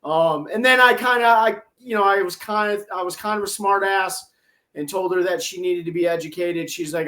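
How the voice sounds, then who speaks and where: Casting: male angler guest with a high voice, a wry and animated storyteller. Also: moderate pace. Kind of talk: casual podcast storytelling.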